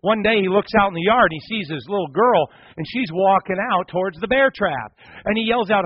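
A man's voice: sits high, fairly quick, breathy edge, no room sound. A man preaching a sermon, telling a story and building to impassioned, rising climaxes. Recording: muffled lo-fi sermon recording.

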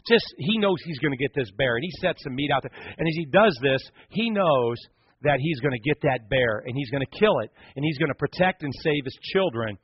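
A man's voice: on the high side, breathy edge, no room sound. A man preaching a sermon, telling a story and building to impassioned, rising climaxes. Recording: muffled lo-fi sermon recording.

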